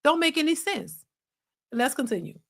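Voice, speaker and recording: A woman's voice: sits high, normal speed, gravelly. Chatty woman reacting to a clip. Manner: chatty, animated, reads out viewer comments, laughs often. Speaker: reaction channel host. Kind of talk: casual commentary reacting to a clip.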